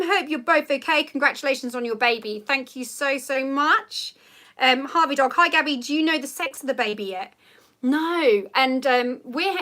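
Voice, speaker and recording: A woman's voice: sits high, pushed and bright. A woman, chatting casually at home as host of a livestream, rambling with lots of ums. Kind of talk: casual live chat reading comments.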